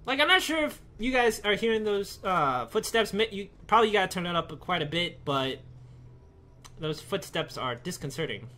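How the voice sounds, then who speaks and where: Jumpy horror gamer, voice bouncing all over, bright and sharp, faint game music behind. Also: medium pitch, lively intonation, normal speed. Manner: jumpy, talks to the game's figures, bursts into scared yells. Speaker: let's play gamer.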